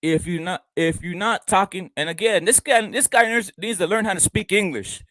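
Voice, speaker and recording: Guy on a profane rant reading boxing articles, kinda high voice, dry sound. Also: moderate pace, few pauses, a bit bright, no echo, rough recording. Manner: profane, ranting, reads articles aloud. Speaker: boxing commentary host. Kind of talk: ranting solo commentary.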